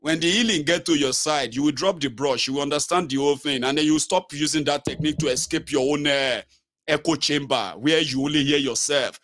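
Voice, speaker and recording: A man's voice: a little high, fairly quick, dry recording, studio quality. A man with a Nigerian accent giving casual political commentary, switching between English, Pidgin and Yoruba. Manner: mixes English with Pidgin and Yoruba, animated mimicry.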